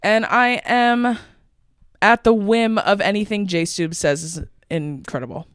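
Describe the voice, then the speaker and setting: A woman's voice: mid-range voice, a little slow, clean tone, no echo, clean studio sound. A young woman co-hosting a podcast, chatting casually and telling long rambling stories with frequent laughs. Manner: rambling storytelling, laughs often. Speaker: podcast co-host.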